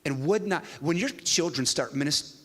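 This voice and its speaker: A man preaching a sermon to a church, telling a story with an animated delivery that swings from hushed to loud. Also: on the high side, moderate pace. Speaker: pastor. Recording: long hall reverb.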